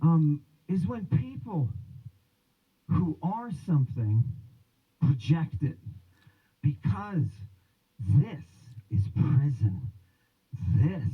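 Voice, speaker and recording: Husky and medium-pitched, the male host of a livestream on religion and language delivers a rambling, theatrical lecture. He alternates between musing and mocking asides. The audio is thin and phone-like.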